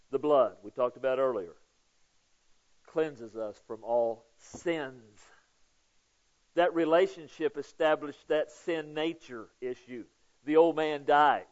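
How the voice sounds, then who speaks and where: A male pastor preaching in a chatty, conversational way, often checking in with his listeners. His voice sits a little higher than most men's, and he swings between loud emphasis and hushed, prayerful asides. The recording sounds dull and lo-fi. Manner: conversational preaching, with frequent "okay?" checks to the congregation. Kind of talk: sermon.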